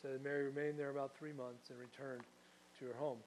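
A man's voice: medium pitch, flat delivery, a little fast, a little mellow, poor audio. Give me a man preaching earnestly, putting questions to his congregation. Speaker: pastor. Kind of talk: sermon.

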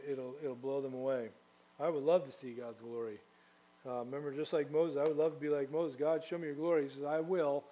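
A man whose voice is slightly high with a darkish tone preaches a sermon. As a pastor, he speaks conversationally, addressing questions to the congregation and making casual asides.

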